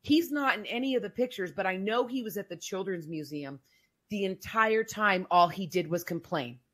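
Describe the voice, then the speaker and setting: A woman's voice: mid-range voice, expressive, normal speed. Candid woman sharing a personal story. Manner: candid, emphatic, with frequent "like" fillers. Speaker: podcast guest. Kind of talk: casual conversational storytelling.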